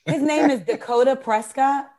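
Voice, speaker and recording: A woman co-hosting a podcast in casual chat, with quick, wry interjections. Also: high voice, dark tone. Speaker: podcast co-host.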